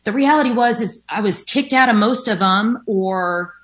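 Speaking at a normal pace in a fairly bright, higher-pitched voice, a woman tells her story as a recovering alcoholic. The candid personal recovery testimony is delivered at home by a window and is full of fillers, with an occasional swear word.

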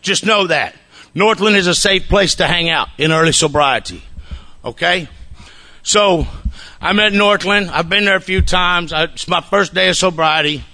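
A man's voice: high voice, moderate pace, sharp tone. A man telling his own sobriety story at a recovery gathering, casual and profane, often checking in with "you know what I'm saying.". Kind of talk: recovery meeting testimony.

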